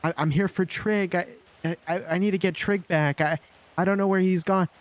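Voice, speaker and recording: A man's voice: high voice, steady tone, brisk, voice pushed up, natural voice. A man voicing a panicked, tearful female police chief who stammers and repeats herself. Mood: distraught whining.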